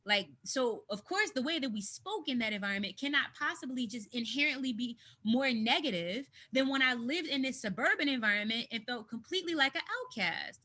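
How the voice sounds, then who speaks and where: An outspoken woman from the United States, talking frankly in an interview over a video call from home. Her voice is bright and a touch high, and she stresses her points with force. She sounds plain and direct. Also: brisk, hardly any pauses. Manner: emphatic, animated, speaks her mind. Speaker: interview guest. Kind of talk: candid conversational interview.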